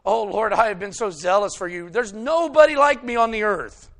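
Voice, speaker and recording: A preacher acting out a distraught prophet, loud and high. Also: male voice, normal speed. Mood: self-pitying. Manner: pleading, loud, insistent. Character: distraught self-pitying male prophet, older man.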